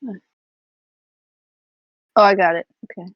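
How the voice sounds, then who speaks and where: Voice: mid-range voice, steady tone, measured pace, no echo, muffled recording. A player in an online tabletop game, chatty and laughing things off. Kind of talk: casual chat during an online game.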